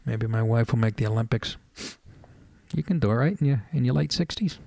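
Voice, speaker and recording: A man's voice: medium pitch, a little fast, creaky, a little mellow, slight background noise. A middle-aged man hosting a radio show, telling stories in a casual, profane, self-mocking comedic monologue.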